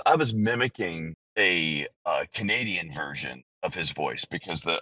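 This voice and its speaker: Low-voiced man, candid and rambling. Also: pushed and bright, breathy edge, no room sound, low-quality recording. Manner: candid, rambling, self-interrupting. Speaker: voice actor guest. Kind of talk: casual interview conversation.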